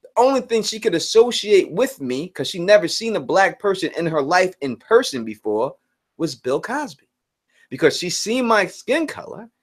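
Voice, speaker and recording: A man with a slightly higher voice hosts a live stream, talking earnestly and casually. He circles back over his points and restarts sentences as he works through what he means. His tone is conversational and direct. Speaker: channel host.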